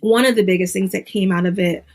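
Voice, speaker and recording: Earnest woman telling her story. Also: fast talker. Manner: earnest storytelling, quotes others in high animated voices. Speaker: guest. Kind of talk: interview conversation.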